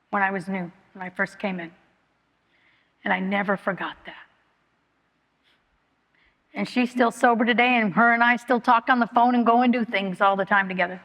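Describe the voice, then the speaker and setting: A woman giving a candid personal testimony at a recovery meeting, talking haltingly with many fillers and restarts. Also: mid-range voice, a bit bright. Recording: long hall reverb.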